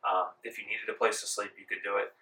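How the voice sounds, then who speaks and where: Relaxed, meandering male game master; bright tone, distant mic in a roomy space. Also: fairly low pitch, quick pace. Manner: relaxed with many fillers. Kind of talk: narrating a tabletop game. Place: library room. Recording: echoey room from far off.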